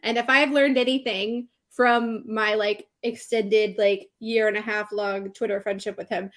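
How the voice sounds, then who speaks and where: A woman's voice: mid-range voice, level tone, moderate pace. A woman co-hosting a casual livestream chat, enthusiastic and emphatic, with some swearing. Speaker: co-host.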